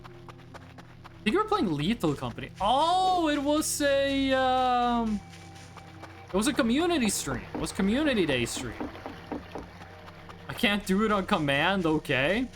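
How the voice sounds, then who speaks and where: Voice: mid-range voice, very animated, normal speed, soft background music. A streamer from Norway, a native Norwegian speaker, chatting casually and joking with viewers while playing a game. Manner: chatty, jokey, reacting loudly with laughs. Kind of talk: casual live-stream chat.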